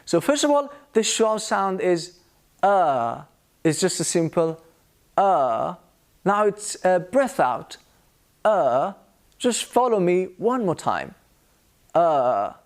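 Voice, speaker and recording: A man with a British accent leads an English pronunciation lesson, modelling each sound slowly and repeating every example word. His pitch sits a little high and swings widely as he speaks. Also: big pitch swings. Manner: slow, exaggerated demonstration of sounds with repeated examples. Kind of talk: scripted lesson.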